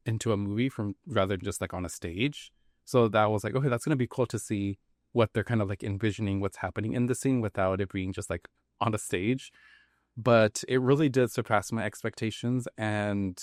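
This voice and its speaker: A man's voice: on the low side, no echo, studio quality. A man co-hosting a podcast in casual chat, talking in a loose, chatty way full of "like" and small laughs. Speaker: podcast co-host.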